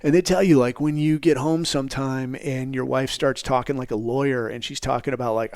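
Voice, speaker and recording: A man's voice: mid-range voice, fairly even intonation, brisk, hardly any pauses, darkish tone, dry recording. A middle-aged man from the United States, telling personal stories in a blunt, profane, rambling way. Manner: profane, blunt, rambling, says "dude" a lot. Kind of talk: casual storytelling.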